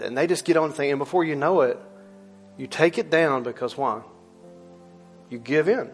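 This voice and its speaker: A middle-aged male pastor preaching a sermon in a church, emphatic and conversational, repeating lines and slowing down low on key words. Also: faint music behind. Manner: rises loud for emphasis, drops low and slow on key words.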